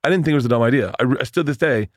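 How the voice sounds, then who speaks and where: A man in his forties, a comedian, telling stories in a casual interview, animated and swearing, acting out the voices of people he quotes. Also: medium pitch, racing, dry recording, clean studio sound. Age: 40s. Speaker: comedian guest.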